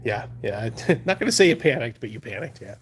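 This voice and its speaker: A man's voice: mid-range voice, sing-song, fairly quick, a little hiss or hum. A man hosting a live stream, casually telling stories to chat, rambling and laughing as he goes. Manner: rambling, laughing, acts out his own panic loudly. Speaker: livestream host.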